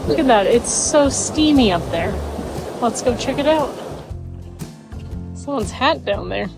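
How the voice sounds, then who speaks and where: A woman's voice: fairly high pitch, animated, unhurried. A young woman narrating a casual travel vlog outdoors, chatty and playful. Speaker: vlogger. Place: outdoors in national parks and campground. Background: music.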